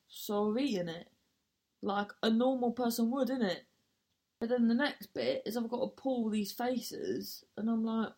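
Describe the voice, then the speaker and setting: A woman's voice: a little high, normal speed, warm tone. A woman, a comedian and actor, telling a rambling story with self-mocking asides and casual swearing.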